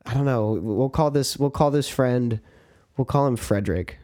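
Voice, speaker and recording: A podcast co-host tells a rambling drinking story in casual chat, swearing a lot and acting out lines from his friends. His mid-range voice has a darkish tone and moves at normal speed.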